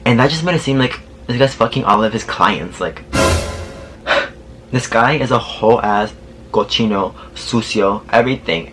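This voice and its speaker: A man's voice: on the low side, fairly quick, a bit bright, faint music behind. A young man telling a storytime vlog in a sassy, profane, dramatic way. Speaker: vlogger. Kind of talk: casual storytime.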